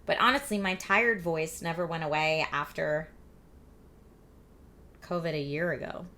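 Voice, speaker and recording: A woman in her forties with a slightly husky, scratchy voice and a lingering cough, hosting a casual live stream and reading viewer chat aloud. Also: low voice, a little slow, bright, forceful tone. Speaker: streamer host.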